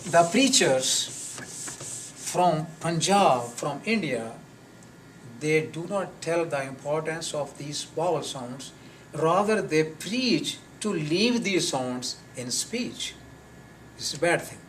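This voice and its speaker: A man teaching a live class on pronunciation, slowly repeating words and sounds for his students. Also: a little high. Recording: distant mic with faint noise.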